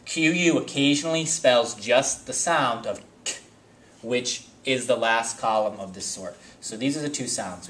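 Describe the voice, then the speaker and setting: A man teaching a spelling lesson, reading word lists slowly and sounding out each word with care. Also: mid-range voice, fairly bright tone, slight background noise. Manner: slow, deliberate word-by-word enunciation.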